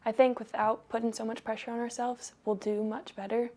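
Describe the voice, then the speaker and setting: Young woman with a gravelly voice. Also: fairly high pitch, fairly quick. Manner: relaxed, laughs often, short answers. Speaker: college softball player. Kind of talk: casual interview answers.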